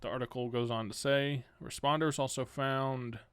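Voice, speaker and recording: A man hosting a solo news commentary podcast, reading news items aloud and cutting in with sarcastic, exasperated remarks that jump up in pitch. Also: fairly even intonation, normal speed, fairly bright tone, clear, resonant tone, dry recording. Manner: reads news items, then rants sarcastically; exasperated outbursts with rising pitch. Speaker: podcast host.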